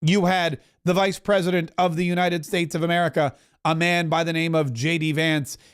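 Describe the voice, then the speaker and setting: A man hosting a political talk show, giving opinionated, animated commentary and mockingly acting out the words of others. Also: on the high side, clean tone. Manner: animated, mocking, does quick voices for others.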